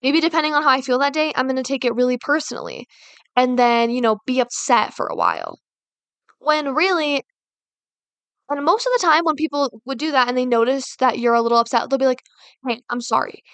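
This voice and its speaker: A woman's voice: sits high, big pitch swings, fairly quick, a bit bright, dry recording. A woman hosting a casual advice talk, rambling and filling her sentences with "like" and "you know". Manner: rambling, heavy use of fillers like "like" and "you know". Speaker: podcast host.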